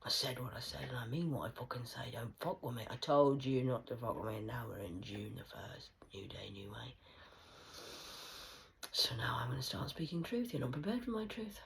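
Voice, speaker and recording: A woman rambling through a stream-of-consciousness monologue, punning and swearing, swinging between hushed whispers and loud outbursts. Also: extremely low pitch, moderate pace, gravelly, a little hiss or hum, poor audio. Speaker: vlogger.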